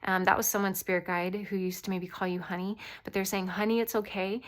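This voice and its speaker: A woman with a light voice giving an intuitive tarot reading to her viewers, earnest, reassuring and gently rambling. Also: fairly low pitch, level tone, a little fast. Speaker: tarot reader.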